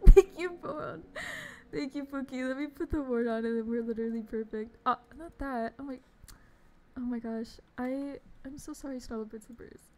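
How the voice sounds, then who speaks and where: A woman's voice: a little high, fairly even intonation, brisk, faint music behind. A woman streamer chatting casually on a live stream, gushing and giggling as she greets her viewers.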